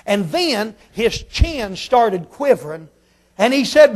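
A man preaching a storytelling sermon, swinging between emphatic shouts and hushed tones. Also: very high voice, sing-song, takes it slowly. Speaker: pastor.

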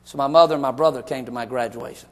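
A middle-aged man preaching a sermon as pastor, moving from hushed personal storytelling to shouted, emphatic exclamations. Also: mid-range voice, quick pace.

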